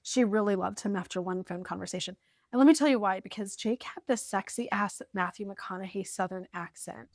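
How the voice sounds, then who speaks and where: A woman's voice: brisk, darkish tone, no room sound, studio quality. A woman in her forties from the United States, telling her story in a wry, lighthearted way while reading from an old journal. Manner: wry and lighthearted, with sudden lifts of pitch. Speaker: vlogger.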